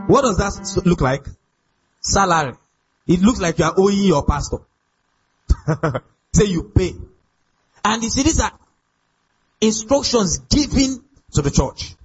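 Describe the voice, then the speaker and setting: A man's voice: sits high, lo-fi sound. A male pastor preaching a sermon, emphatic and often putting questions to the congregation.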